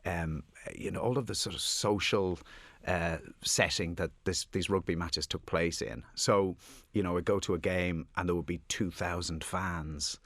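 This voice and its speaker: A man's voice: sits low, steady tone, unhurried, no echo. An Irish man talking as an author guest in a radio studio interview, rambling and self-deprecating with many restarts. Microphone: studio microphone.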